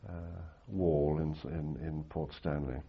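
Older male interviewee, anecdotal storyteller; deep, husky voice on a slightly dull recording. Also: flat delivery, slow pace. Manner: anecdotal, rambling with restarts and fillers. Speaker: interviewee recalling war reporting.

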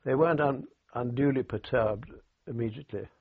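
An older British man in an oral history interview, recalling wartime radio work in an anecdotal way with dry humour and halting restarts, heard over a tinny phone-like recording. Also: medium pitch, husky. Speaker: war veteran interviewee.

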